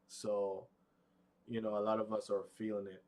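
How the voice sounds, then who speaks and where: A man hosting a casual live vlog, rambling in an unhurried, low-key way and stuttering, with many fillers and restarts. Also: level tone, darkish tone. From United States, Pacific time zone. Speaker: vlog host.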